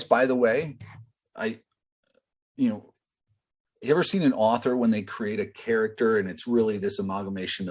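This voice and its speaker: A business coach leads a live online group call, his voice on the low side with a darkish tone. He teaches loosely and conversationally, with lots of fillers and direct asks to the group, over a video-call microphone.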